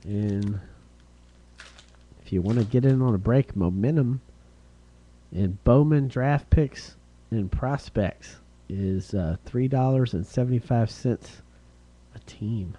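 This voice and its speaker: A man hosting a live-streamed card break, calling out each card and who gets it, getting excited over rare hits. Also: medium pitch, slow, long pauses. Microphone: streaming setup.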